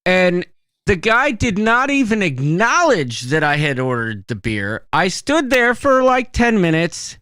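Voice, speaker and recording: Give me a man chatting as a podcast host, full of ums and likes, very expressive pitch. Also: measured pace, clean tone, no echo. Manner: rambling storyteller, many fillers. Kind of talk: casual chat.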